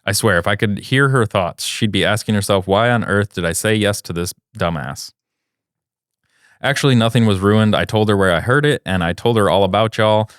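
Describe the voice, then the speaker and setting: A man with a low, smooth, resonant voice reads a listener letter on a comedy podcast. The sound is dry and close, with no room around it, and his delivery stays wry. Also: normal speed, a bit bright, no room sound. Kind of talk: reading a listener letter aloud, casual banter.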